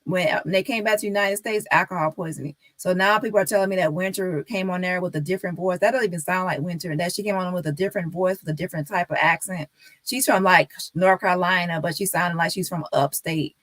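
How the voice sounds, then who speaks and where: A woman's voice: on the low side, fairly even intonation, quick pace, a bit bright, no room sound. A woman on a live stream talking casually and insistently to her viewers, repeating her points.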